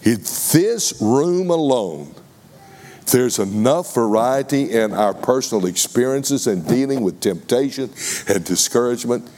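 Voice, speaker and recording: Brief: male preacher, mid-pitched, slow deliberate sermon delivery. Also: a little mellow. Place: congregation room.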